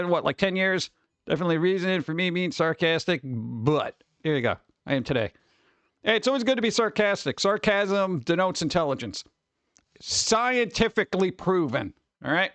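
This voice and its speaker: In a clear, resonant, fairly high voice, a male livestream host jokes around excitedly with viewers, breaking into sudden exclamations during the casual chat. The recording is dry and close.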